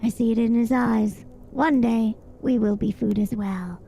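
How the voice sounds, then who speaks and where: A woman's voice: a little high, steady tone, a little slow, mellow. A woman voicing a gloomy, fatalistic male rat who intones solemnly and sometimes whispers.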